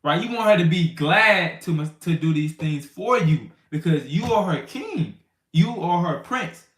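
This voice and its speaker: A man gives a relaxed Bible lesson in loose, everyday speech, his voice sitting a little high. The room around him rings with echo. Now and then he acts out arguments in a loud, raised voice. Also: measured pace. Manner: conversational, loose street talk with many "you know what I'm saying". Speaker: teacher of a congregation. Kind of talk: casual Bible teaching.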